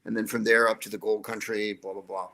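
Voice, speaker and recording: Bright-voiced, wry American man telling stories. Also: fairly low pitch, level tone, quick pace. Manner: rambling, wry, jokey storytelling. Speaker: guest comedian. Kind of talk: casual anecdotal interview.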